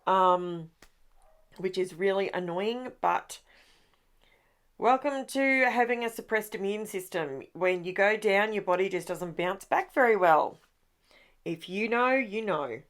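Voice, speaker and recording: A woman's voice: medium pitch, unhurried, fairly bright tone. Chatty woman narrating a craft video. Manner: chatty and rambling, corrects herself mid-sentence. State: sleepy, yawning. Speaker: craft channel host. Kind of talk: casual voice-over for a craft process video.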